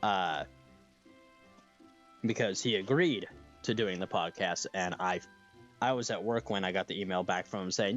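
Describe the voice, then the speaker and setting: A man's voice: sits low, normal speed, long pauses, fairly bright tone, highs cut off, soft background music. A man hosting a podcast in casual chat, with a slight lisp, laughing often and restarting his sentences. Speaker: podcast host.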